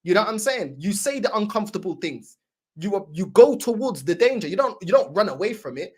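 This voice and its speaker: A man's voice: sits high, very animated, brisk, darkish tone, slightly rough. Passionate London man arguing his point. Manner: passionate, argumentative, London slang. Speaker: football fan co-host. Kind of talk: casual football rant.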